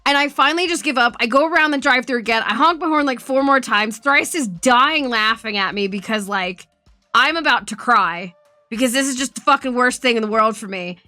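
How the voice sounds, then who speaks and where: A young woman streamer in casual chat, swearing often and rambling through animated stories. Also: a little high, fairly quick, dry recording, soft background music.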